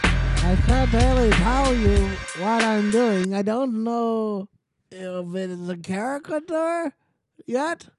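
A man voicing a silly, high, strained character of a man on the toilet, drawling each word slowly. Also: animated, soft background music, exaggerated voice. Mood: strained, goofy.

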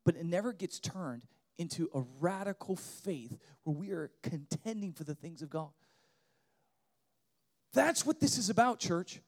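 Impassioned high-voiced male pastor preaching. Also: animated, unhurried. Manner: impassioned, often shouting, with frequent "right?" tags. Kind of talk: sermon.

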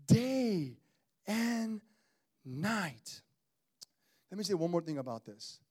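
A male pastor in his thirties delivers a sermon with a fairly high-pitched voice. He preaches in an animated, conversational manner and calls out to his congregation. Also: slow.

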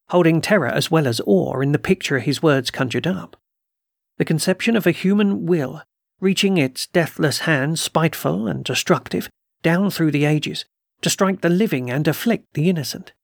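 A man narrates a classic tale in a measured, storytelling manner. His voice sits a little high and carries a gravelly edge. The recording is close and completely dry. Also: dry recording. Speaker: audiobook narrator. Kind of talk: scripted narration.

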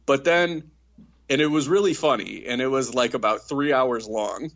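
A man co-hosting a podcast in casual chat, rambling with many fillers and quick giggles. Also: mid-range voice, gravelly, fairly bright tone, muffled recording. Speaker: podcast co-host.

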